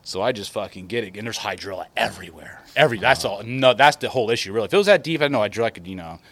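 A middle-aged man with a lowish voice tells loose, profane fishing stories. He keeps restarting sentences and leaning on fillers in a relaxed podcast chat. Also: racing. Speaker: guest telling fishing stories.

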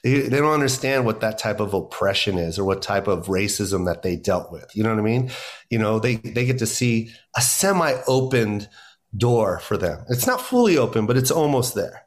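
A guest comedian on a casual podcast talks in an animated, emphatic way, his voice jumping up as he makes points, with plenty of "you know"s. His pitch is fairly low and his pace moderate.

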